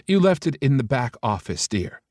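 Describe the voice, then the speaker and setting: A man voicing a doting older woman, a new grandmother, who coos and gushes in a slow, raised voice. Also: mid-range voice, very animated, darkish tone, no room sound, studio quality, pitched above the performer's own voice. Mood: gentle. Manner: cooing, gushing.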